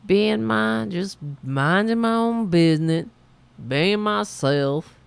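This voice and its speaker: Gravelly, lively woman show host. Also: medium pitch, takes it slowly, no room sound. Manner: animated, sarcastic storytelling with profanity. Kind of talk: casual livestream chat.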